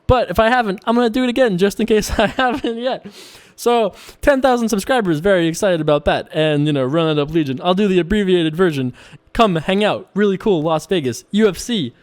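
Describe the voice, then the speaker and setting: Chatty, joking man commenting on online poker. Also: on the high side. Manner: joking, chatty, laughs often. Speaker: poker streamer. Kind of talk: casual play-by-play commentary.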